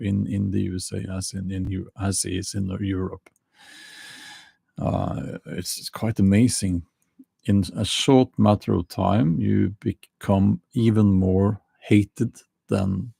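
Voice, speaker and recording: Slow, gravelly Norwegian-accented man. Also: on the low side, warm tone, dry recording. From Norway. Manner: slow, hesitant, many fillers and dry laughs. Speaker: livestream host. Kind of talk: casual livestream chat.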